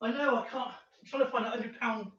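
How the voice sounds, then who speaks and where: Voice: mid-range voice, fairly even intonation, brisk, a bit bright. A host chatting casually to viewers on a live stream while showing a coin collection, rambling and talking straight to the audience. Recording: dull lo-fi sound.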